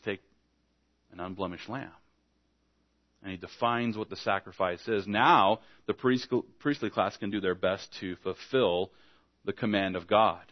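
A pastor with a lowish voice delivers an evening sermon, and the recording has its highs cut off. He speaks conversationally, acting out little back-and-forth dialogues to make his points.

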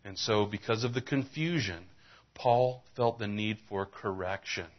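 A man's voice: on the low side, measured pace, highs cut off. A man preaching a sermon as a pastor, reading scripture and telling folksy jokes.

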